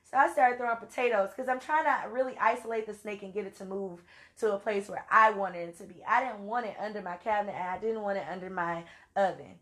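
A woman's voice: medium pitch, quick pace, a bit bright. A woman from Louisiana with a Louisiana accent, telling a story casually and with salty language while acting out her own quotes. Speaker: vlogger.

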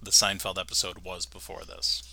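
A man's voice: deep voice, flat delivery, normal speed, vocal fry, sharp tone. A man hosting a podcast, recapping a cartoon episode in a chatty way and laughing often. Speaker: podcast host. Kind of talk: casual chat, recapping an episode.

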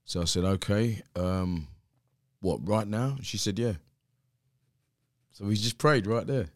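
A man who is a pastor, telling his conversion story in casual chat, relaxed and chuckling at his own past. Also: lowish voice, unhurried, no echo, studio quality.

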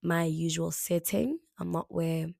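Young woman hosting her podcast solo, voice gone a bit raspy and deep from flu, says like a lot, dry room sound. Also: unhurried, a little mellow, dry recording. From South Africa. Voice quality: slightly raspy. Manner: chatty, repeats herself, many "like" fillers. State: hoarse, deeper voice after flu. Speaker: podcast host. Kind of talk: casual solo podcast talk. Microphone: camera mic, alone indoors.

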